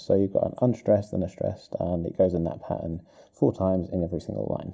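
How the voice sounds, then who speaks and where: Male teacher, low and dark with some fry, walking a student through meter in a warm, encouraging feedback style. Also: steady tone, brisk. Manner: encouraging, talks to the student directly, thinks aloud while writing. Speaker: English teacher. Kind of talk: explaining exam writing while annotating.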